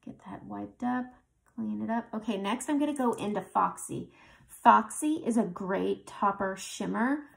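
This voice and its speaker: A woman narrates a makeup tutorial in a casual, chatty way, walking through every step as she works. Her voice carries a gravelly, creaky texture. She sits close to the mic and sounds relaxed and conversational. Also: medium pitch, measured pace. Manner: chatty, talks through each step while applying makeup.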